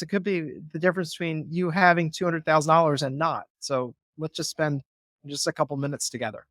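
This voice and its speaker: In this interview, the guest, a man who invests in real estate, argues earnestly and persuasively in a conversational way, playing out phone calls to drive points home. The voice is fairly high and fairly bright, steady and a little quick, with dry, clean studio sound.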